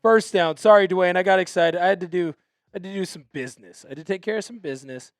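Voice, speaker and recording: A man hosting a fan live stream, calling plays in an excitable, chatty way and apologizing when he gets carried away. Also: high-pitched, quick pace, no echo, clean studio sound, soft background music.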